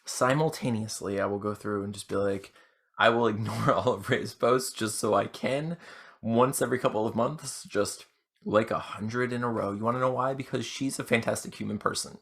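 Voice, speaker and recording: A drunk man talks on and on in a casual podcast monologue. His voice sits a bit low and has a gravelly fry. He stumbles through restarts and keeps making fun of himself. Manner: rambling, self-deprecating, halting restarts. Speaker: podcast host. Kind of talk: rambling casual monologue answering questions.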